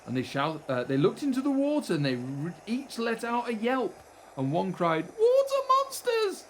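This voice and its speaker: A man reading a rhyming children's picture book aloud in an expressive, sing-song way. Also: high-pitched, moderate pace, slight background noise. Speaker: storyteller.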